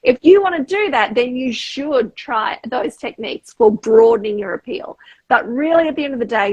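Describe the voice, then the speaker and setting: A woman hosting a casual live chat, talking in a chatty, animated way and laughing often. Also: on the high side, normal speed, breathy edge, dry recording, poor audio. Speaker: host.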